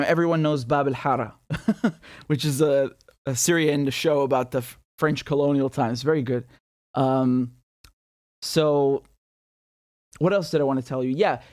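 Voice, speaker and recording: A man's voice: mid-range voice, a little mellow, no echo, clean studio sound. A man in a casual, rambling explainer who walks through a map with many fillers and self-corrections and chuckles now and then. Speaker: political commentator.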